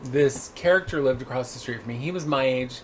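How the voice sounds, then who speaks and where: A man's voice: medium pitch, fairly quick, slight background noise, low-quality recording. A man hosting a casual podcast chat, telling stories in a blunt, profane way. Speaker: podcast host.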